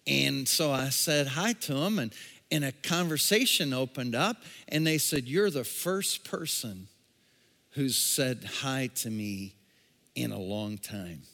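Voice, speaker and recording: A man's voice: mid-range voice, slow, gravelly, sharp tone. A man preaching a sermon as pastor, emphatic and repetitive, building intensity as he urges his congregation. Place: church sanctuary. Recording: long hall reverb.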